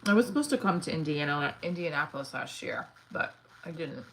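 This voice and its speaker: A woman's voice: low voice, animated, fairly quick, fairly bright tone, slight background noise, low-quality recording. A woman, an actor and comedian, chatting casually on a livestream, rambling with lots of fillers and restarts.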